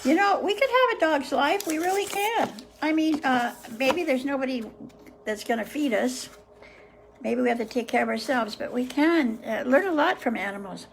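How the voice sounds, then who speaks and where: A woman hosting a session where she reads a book aloud to viewers, pausing often in a gentle, unhurried way to muse on the passages. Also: high voice, vocal fry, a little hiss or hum. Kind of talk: reading aloud with casual reflections.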